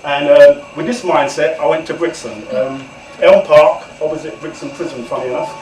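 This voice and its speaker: Soft background music plays as an English guest author in his forties recounts his life to an audience, the echoey room and distant mic giving him a far-off sound. His fairly high voice is a little mellow at a normal speed, and he speaks candidly and conversationally, frequently addressing the crowd.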